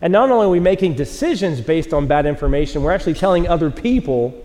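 A man in his forties preaches a sermon in a church auditorium with a live audience, and his voice sits high. He tells a self-mocking story in a loose, casual way and acts out the quotes. The sound carries a long reverb from the big hall. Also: expressive, fast talker, a little mellow. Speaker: pastor.

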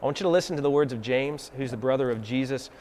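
A man's voice: medium pitch, fast talker, a little mellow, a little hiss or hum. Southern man talking faith casually. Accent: Southern American. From Southern United States. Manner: folksy, uses homespun analogies.

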